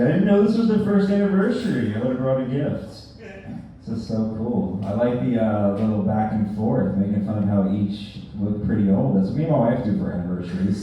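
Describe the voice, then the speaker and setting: Deadpan stand-up comic in an echoey bar. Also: male voice, lowish voice, lo-fi sound, slight background noise. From North Carolina. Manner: dry, conversational joke delivery. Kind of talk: stand-up comedy set. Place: bar stage with audience. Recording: distant, echoey bar room recording.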